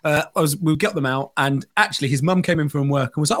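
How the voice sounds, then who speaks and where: A man, a co-host telling animated stories in a casual chat about being a father. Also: fairly high pitch, fast talker. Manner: animated, chatty storytelling with restarts.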